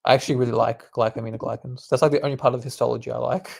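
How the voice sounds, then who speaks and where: A man's voice: mid-range voice, fairly even intonation, racing, vocal fry, breathy edge. A young man, a medical student, reading quiz questions aloud and explaining the answers in a laid-back, casual way. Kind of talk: casual quiz study session.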